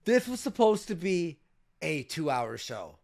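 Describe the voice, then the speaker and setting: Give me a gravelly, exasperated male streamer who curses constantly. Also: a little high, very animated, measured pace, a crowd in the background. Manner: exasperated, profane, laughing in frustration. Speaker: host. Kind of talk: casual livestream banter.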